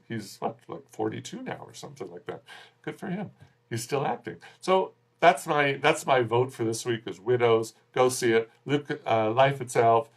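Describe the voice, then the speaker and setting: Man chatting through a film review. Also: medium pitch. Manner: rambling, with frequent fillers and restarts. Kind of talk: casual spoken film review.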